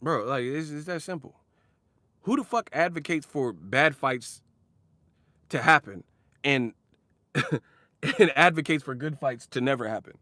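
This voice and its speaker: Male vlogger, casual profane boxing rant, very animated delivery, dry close-miked sound. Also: medium pitch, measured pace, pauses often, dry recording. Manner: animated, profane, laughs often, mocks others with sudden shouts. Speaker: boxing commentator. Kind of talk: casual ranting commentary.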